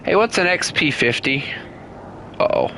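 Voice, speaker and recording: A man's voice: fairly high pitch, expressive, measured pace, pushed and bright, slight background noise. A man streaming a game, chatting casually with his viewers, teasing them and laughing often. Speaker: gaming streamer. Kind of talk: casual live-stream chat while playing.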